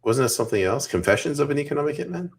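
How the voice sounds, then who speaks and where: A man's voice: on the high side, animated, racing. A man from Canada co-hosting a casual political podcast, joking, laughing often and reading audience comments aloud.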